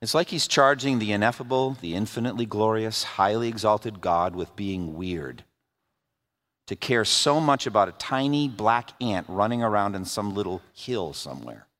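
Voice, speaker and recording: A man's voice: on the low side, expressive, moderate pace, fairly bright tone, in a large hall. A man preaching a sermon. He reads scripture aloud and voices its lament with rising passion.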